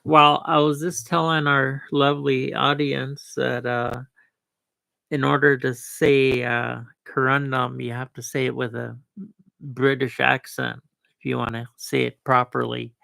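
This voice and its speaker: Gravelly, creaky man hosting a live stream. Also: mid-range voice, flat delivery, unhurried, pushed and bright, no room sound. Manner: rambling, with self-assured asides and many restarts. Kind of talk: casual live-stream chat.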